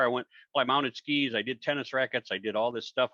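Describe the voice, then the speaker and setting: A man's voice: medium pitch, quick pace, few pauses, bright, forceful tone, dry recording. An older man, a professional speaker, answering interview questions with conversational stories and acted-out dialogue. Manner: conversational, acts out quoted dialogue, many fillers. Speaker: guest speaker. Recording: dull dry audio.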